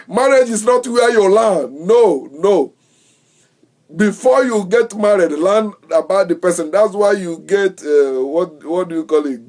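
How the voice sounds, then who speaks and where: A man giving his opinions in casual talk, lively, acting out the people he quotes and laughing often. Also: on the high side. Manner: animated, acts out quoted voices.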